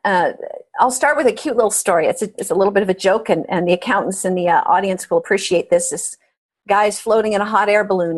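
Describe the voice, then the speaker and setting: A middle-aged woman answering interview questions about accounting advice, emphatic and telling stories with animation. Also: mid-range voice. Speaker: accounting advisory expert guest.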